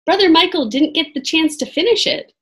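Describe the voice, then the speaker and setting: A woman voicing a cautious, nervous young boy who shouts in a raised voice. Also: expressive, fairly quick. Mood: anxious. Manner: high, shouting.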